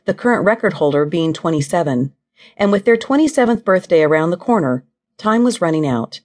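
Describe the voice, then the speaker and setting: Low-voiced woman narrating an audiobook. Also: animated, fairly quick, a little mellow. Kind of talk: scripted narration of a novel.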